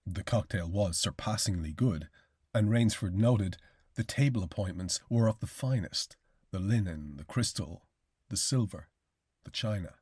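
Man narrating in a low, husky voice. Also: darkish tone, no echo, studio quality. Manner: measured, formal narration. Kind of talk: audiobook reading.

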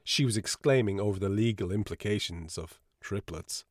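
Low-voiced man reading a story. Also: no room sound, studio quality. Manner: even, measured reading. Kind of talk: scripted story narration.

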